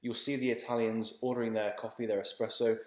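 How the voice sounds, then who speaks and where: A man teaching beginners in a relaxed, chatty and reassuring way, often repeating his words. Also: mid-range voice, fast, roomy sound. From England. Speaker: language teacher. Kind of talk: casual spoken lesson.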